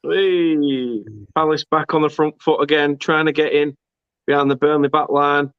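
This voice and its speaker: A man's voice: fairly high pitch, monotone, brisk, clear, resonant tone, no echo. Chatty male fan host, dry lo-fi sound. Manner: chatty, reads out viewer comments, laughs often. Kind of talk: casual match commentary chat.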